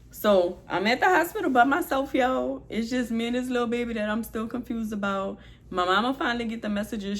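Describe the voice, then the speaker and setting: New woman telling her story. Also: fairly high pitch. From New Orleans, USA. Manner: candid, expressive retelling, heavy use of "like". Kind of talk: storytime vlog.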